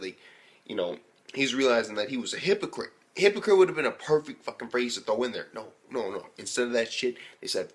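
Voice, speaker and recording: A man's voice: mid-range voice, quick pace. Young guy ranting about an episode, cussing a lot, all over the place, lots of likes and restarts. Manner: profane, rambling, excitable, lots of fillers. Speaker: anime reviewer. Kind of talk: casual spoken review.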